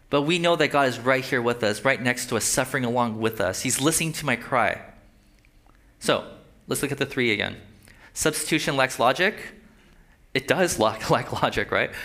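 A man's voice: fairly high pitch, pushed and bright. A man preaching a sermon, reading scripture aloud with rising emphasis and often asking his listeners "right?". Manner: asks the audience "right?" and "Amen?". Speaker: pastor.

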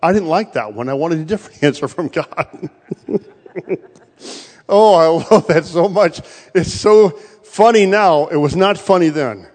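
High-voiced preacher in a reverberant church. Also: male voice, measured pace. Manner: storytelling with acted-out voices, swinging between loud and hushed. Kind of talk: sermon.

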